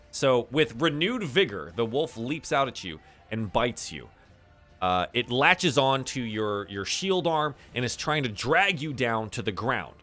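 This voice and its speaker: A man narrating a tabletop game as game master, playful and full of fillers. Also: medium pitch. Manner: lively and playful, with many fillers.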